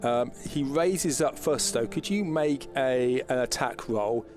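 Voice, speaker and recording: A man narrating a tabletop game as game master, slow and halting with many pauses and fillers. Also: mid-range voice, a little mellow, faint music behind.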